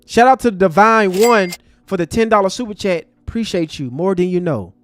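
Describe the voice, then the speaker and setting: Male livestream host, high voice, impassioned and preachy, faint music bed. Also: moderate pace. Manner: impassioned, preachy, talks to chat as family. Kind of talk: livestream commentary.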